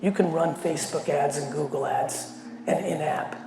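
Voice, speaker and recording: A middle-aged man telling a story in a talk to a company audience, animated and full of swearing. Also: on the high side, creaky. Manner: profane, animated, fast storyteller. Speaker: keynote speaker. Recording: echoey hall with long reverb, faint music.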